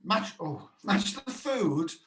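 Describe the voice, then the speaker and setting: A man's voice: high-pitched, big pitch swings, takes it slowly, fairly bright tone. A man co-hosting a casual online quiz, teasing and drawing out his reactions. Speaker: co-host. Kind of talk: casual live-stream chat. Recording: roomy echo.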